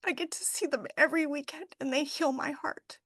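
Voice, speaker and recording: A middle-aged woman, a funeral director, talking heartfelt about her work and faith with many pauses and fillers. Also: sits high, steady tone, fairly bright tone, no echo. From Idaho. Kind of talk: emotional interview talk.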